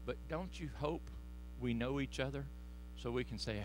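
A man preaching a sermon to his congregation in church, impassioned and folksy, swinging between loud exhortation and hushed asides. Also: mid-range voice, normal speed. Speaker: pastor.

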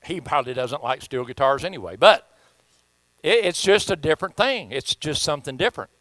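A man's voice: a little high, expressive, a little fast, fairly bright tone, no echo, low-quality recording. A man with a Southern US accent preaching a sermon as pastor, folksy and joking, often repeating himself.

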